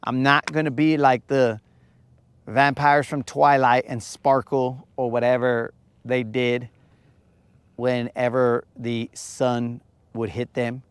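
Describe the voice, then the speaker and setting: A man's voice: medium pitch, level tone, takes it slowly, clear, resonant tone, no echo. A man hosting a live fishing stream from a lake at night, chatting casually and joking with his viewers. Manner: joking, rambling, teasing viewers.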